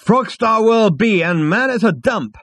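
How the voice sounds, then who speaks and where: A brash, vain alien show-off, played by a male reader, who talks loud and high and full of himself. His voice bounces with lively, swaggering swings in a dry, close audiobook sound. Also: unhurried, no room sound, heavily acted. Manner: loud, swaggering, self-admiring.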